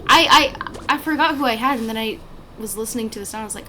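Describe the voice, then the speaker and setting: A woman's voice: on the high side, fast, noisy background. Chatty woman narrating her gameplay. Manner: chatty and rambling, many fillers and restarts. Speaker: gaming channel creator. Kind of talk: casual gameplay commentary.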